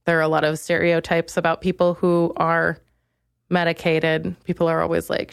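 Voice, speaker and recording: A young woman comedian hosting her own podcast, in a rambling, crude, self-deprecating monologue that jumps into high, exasperated rants. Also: monotone, normal speed, gravelly, clear, resonant tone, dry recording, studio quality.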